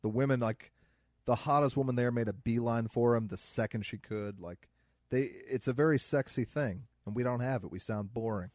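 A man's voice: mid-range voice, normal speed, darkish tone, no echo, clean studio sound. A man from the American Midwest, co-hosting a podcast film commentary in a joking, rambling, casual chat. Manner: wry, joking, rambling storyteller. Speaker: podcast co-host.

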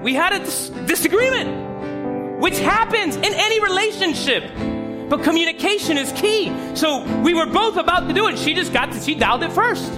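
A man's voice: extremely high pitch, expressive, normal speed, over loud music. A man preaching a sermon in a church, telling stories with emphasis and asking the congregation direct questions. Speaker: pastor.

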